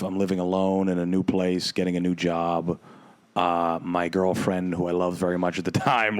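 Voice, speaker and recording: A young man hosting a podcast, telling a rambling, profane story in casual chat with lots of fillers. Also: low voice. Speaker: podcast host.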